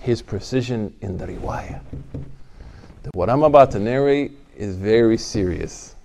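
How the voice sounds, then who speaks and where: A man's voice: lowish voice, unhurried, gravelly, warm tone, a little hiss or hum. A man giving a casual lecture as a religious studies teacher, joking and conversational, at times rising into emphatic exhortation.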